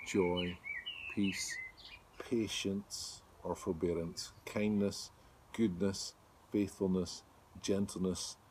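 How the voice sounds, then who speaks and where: Deep-voiced male pastor, chatty home sermon, faint hiss behind. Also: low-quality recording. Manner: friendly, chatty preacher, lively when telling a story. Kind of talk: sermon with a told joke. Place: home during lockdown.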